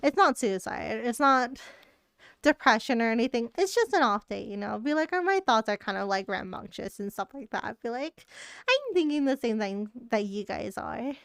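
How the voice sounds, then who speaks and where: A woman's voice: fairly high pitch, very animated, normal speed, fairly bright tone, smooth, no echo, clean studio sound. A woman streamer in rambling, casual live-stream chat with her viewers, laughing often.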